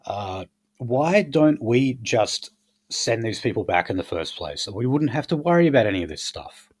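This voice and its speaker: A man's voice: mid-range voice, sing-song, normal speed, breathy edge. A man hosting a casual political chat, blunt and crude, rambling with many fillers. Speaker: podcast host.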